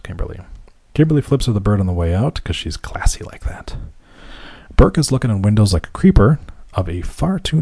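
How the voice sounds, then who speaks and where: Male film recapper, gravelly and husky, dry sarcastic asides. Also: fairly low pitch, warm tone, dry recording. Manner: wry, sarcastic and profane asides. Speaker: movie recap narrator. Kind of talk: casual film recap commentary.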